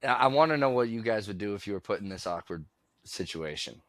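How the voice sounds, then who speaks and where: A man's voice: on the low side, lively intonation, fast, a bit bright, dry recording, studio quality. Middle-aged man telling a rambling story. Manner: rambling storyteller who acts out both sides of a conversation and laughs while telling. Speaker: podcast co-host. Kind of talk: casual storytelling chat.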